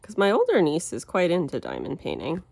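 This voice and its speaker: A woman's voice: on the low side, brisk, creaky, no echo. A woman hosting a crafting channel, chatting casually while she works, her voice nasal from a cold, rambling and correcting herself as she goes. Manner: rambling, relaxed, self-correcting.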